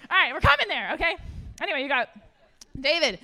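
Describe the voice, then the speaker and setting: A woman giving a casual, conversational sermon to a room of listeners. She is chatty and animated, laughs often, and says "like" a lot. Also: sits high, fast talker. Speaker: speaker at a church gathering.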